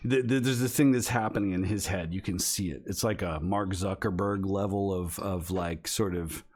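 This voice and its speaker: A man's voice: deep voice, moderate pace, a little mellow. A man narrating as game master of a tabletop game, loose and profane.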